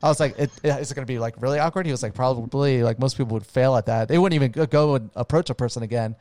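A man's voice: medium pitch, rapid-fire, darkish tone, dry recording. A man telling a long story in casual chat, rambling with lots of "like" and "dude" and casual swearing.

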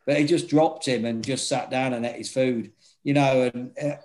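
The recording is poor, and the man speaks with a medium pitch at a moderate pace. Telling tales from his days as a football manager in casual conversation, he swears, stays animated, and acts out quotes.

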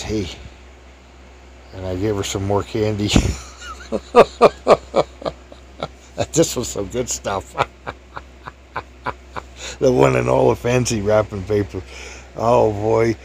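A man's voice: fairly low pitch, vocal fry, a little mellow, slight background noise. A man in his fifties telling a casual anecdote in a chatty, jokey way, laughing at his own stories. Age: 50s.

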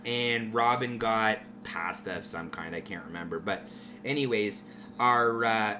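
Bright-voiced man telling stories. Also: lowish voice, measured pace, a little hiss or hum. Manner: profane, animated anecdote teller. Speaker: podcast host. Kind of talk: casual storytelling.

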